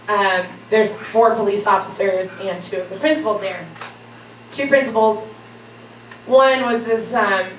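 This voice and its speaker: On stage before a live audience, a young woman with a mid-range, fairly bright voice tells a funny story, casual and profane, laughing often. The recording is echoey, with a distant mic and audience noise.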